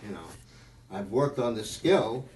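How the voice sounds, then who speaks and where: Drum teacher with many fillers, echoey room. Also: male voice, fairly low pitch, animated, measured pace, a little mellow. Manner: rambling, thinks aloud with many fillers. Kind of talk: live drum lesson. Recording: echoey room, mic at a distance, background noise.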